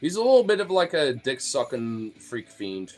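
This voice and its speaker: A man at an ordinary middle pitch rants casually to his stream, swearing freely and padding his talk with fillers. He laughs often between runs. Faint music plays underneath. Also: very animated, normal speed. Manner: profane, loose, filler-heavy with frequent laughs. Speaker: streamer talking to followers. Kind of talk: casual rambling rant.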